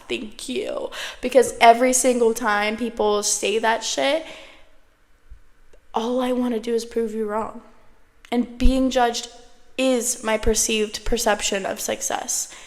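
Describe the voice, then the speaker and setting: Brief: young woman podcaster, slightly high voice, loose swearing chatter, long room echo. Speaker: podcast host. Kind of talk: casual solo chat to camera. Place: at home, indoors. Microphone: camera.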